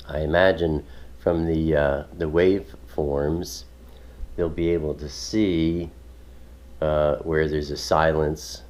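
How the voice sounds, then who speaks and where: A man's voice: very deep voice, darkish tone. A man hosting his own video, chatting casually and rambling with chuckles and many fillers. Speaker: ministry video host. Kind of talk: casual home video chat.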